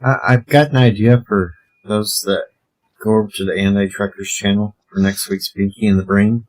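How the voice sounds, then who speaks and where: A man's voice: fairly low pitch, steady tone, normal speed, rough recording. A man hosting a live stream, chatting casually and running the setup as he talks. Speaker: stream host. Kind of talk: casual chat.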